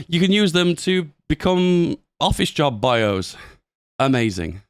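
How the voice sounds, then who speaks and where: A young man giving excitable, laughing commentary on a game update. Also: sits high, slow, clear, resonant tone, no echo, clean studio sound. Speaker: gaming YouTuber.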